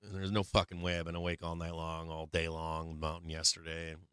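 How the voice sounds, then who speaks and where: A man's voice: low voice, monotone, brisk, pushed and bright, smooth, no echo, studio quality. A man hosting a live stock market stream, telling a rambling, profane story with lots of fillers between market remarks.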